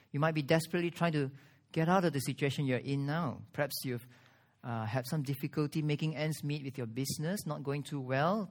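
A man preaching a sermon, earnest, with strong pauses and rising emphasis. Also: fairly high pitch. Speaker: pastor.

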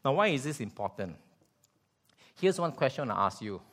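A man's voice: mid-range voice, sing-song, normal speed, fairly bright tone. A man preaching a sermon, asking rhetorical questions and acting out scenes with sound effects. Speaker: pastor.

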